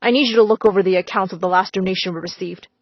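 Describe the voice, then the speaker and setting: A woman's voice: medium pitch, racing, dry recording, pitched below the performer's own voice, close to an everyday voice. A woman voicing a threatening middle-aged male school principal who snaps and gives orders. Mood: menacing. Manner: threatening, snapping, cold. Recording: slightly dull, dry recording.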